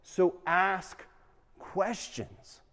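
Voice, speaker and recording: Animated man teaching in an echoing hall. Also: high voice, extremely slow, gravelly. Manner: animated storyteller, asks the room questions. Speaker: speaker teaching a class. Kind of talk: lively classroom talk with questions to students. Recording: long reverb in a hall.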